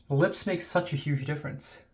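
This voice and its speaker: Young man murmuring slowly at night. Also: a little high, breathy edge. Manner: quiet, rambling, chuckling to himself. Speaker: vlogger. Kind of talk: casual self-filmed vlog. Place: empty city street at night.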